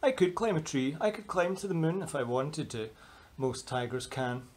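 A man voicing a small stubborn mouse who insists he is a tiger, in a picture-book read-aloud, sounding insistent and dropping to hushed growls. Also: on the high side, normal speed, close to an everyday voice. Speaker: illustrator.

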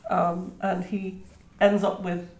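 A woman's voice: fairly low pitch, level tone, slow, darkish tone. A woman in her fifties from Trinidad who speaks British English, talking reflectively as a guest author in an interview, with many restarts. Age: 50s. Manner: reflective, frequent "you know" and restarts. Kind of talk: conversational interview. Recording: roomy echo.

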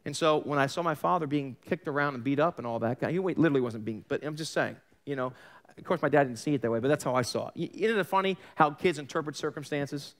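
Animated New pastor preaching. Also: male voice, a little high, fast talker. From Long Island, New York. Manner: animated storytelling, acts out quoted voices, sarcastic asides. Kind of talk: sermon.

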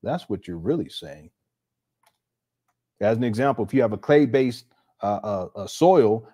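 A man's voice: lowish voice, animated, a little slow, long pauses, warm tone. A man giving casual, sarcastic commentary straight to his viewers, with frequent restarts. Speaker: online commentator.

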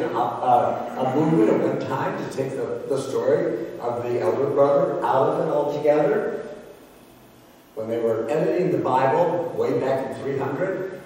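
Pastor guy preaching, slow and emphatic storytelling, far off mic in a big echoey church. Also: fairly high pitch, mellow, a little hiss or hum. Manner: storytelling, emphatic, with dramatic pauses. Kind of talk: sermon. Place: large church sanctuary.

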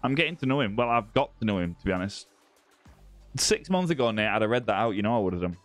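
A man's voice: lowish voice, animated, quick pace, faint music behind. A man hosting a live gaming stream, chatting casually with viewers and greeting them by name. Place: indoor room with ring light.

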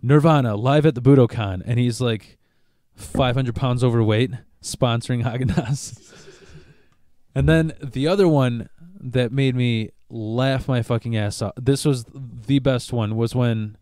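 A man's voice: mid-range voice, steady tone, slow, mellow, no room sound. A man talks loosely on a podcast, swearing and chuckling through crude stories. His voice sits in the middle range and is recorded dry and close. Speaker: podcast co-host. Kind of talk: casual podcast chat.

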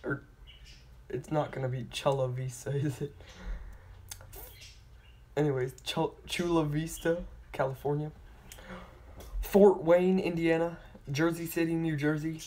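A channel host slowly reading out a long list of place names, stumbling on hard ones, retrying them and apologizing for mispronouncing. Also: mid-range voice, steady tone, a little mellow, a little hiss or hum. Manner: apologetic about pronunciation.

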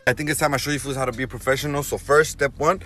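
A man's voice: mid-range voice, steady tone, rapid-fire, bright, forceful tone. A man doing a brash, slangy comedic skit, lecturing in street talk. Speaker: comedy sketch performer.

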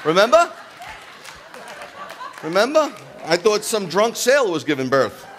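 A man in his fifties preaching as a rabbi, telling stories with jokes and acting out the dialogue in an animated sermon. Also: sits high, unhurried, a faint crowd, slight background noise. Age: 50s. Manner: animated, jokey, acts out quoted dialogue. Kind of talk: humorous storytelling sermon.

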